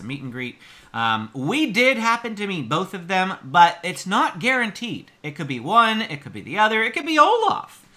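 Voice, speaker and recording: Male vlog host, bright forceful tone, chatty, exasperated commentary on reviews. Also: on the high side. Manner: exasperated, explaining at length; chatty with frequent fillers. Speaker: host of a theme park channel. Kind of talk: casual review reaction commentary.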